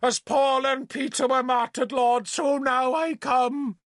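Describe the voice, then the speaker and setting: A man voicing a self-pitying bishop who wails, pleads and snaps in a high, strained voice. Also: little pitch movement, slow, fairly bright tone, no echo, studio quality, full character voice. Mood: hysterical. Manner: wailing, melodramatic, pleading. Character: shrill, hysterical, self-pitying old bishop.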